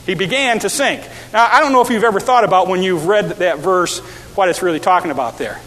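A middle-aged man preaching a sermon, telling stories and acting out quotes, rising to shouted peaks. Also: sits high, brisk. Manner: storytelling, acts out quotes, builds to shouted peaks. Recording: reverberant hall.

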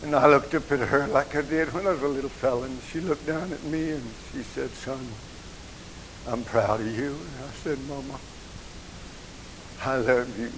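An older man, preaching an emotional sermon that moves from soft, hushed passages to rising outcries. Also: medium pitch, normal speed, a little hiss or hum, low-quality recording.

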